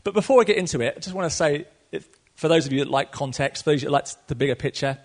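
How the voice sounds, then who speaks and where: A middle-aged male preacher delivers a sermon with a slightly high-set voice. He tells the story with energy, breaking off for chuckles and asides to the congregation. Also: fast.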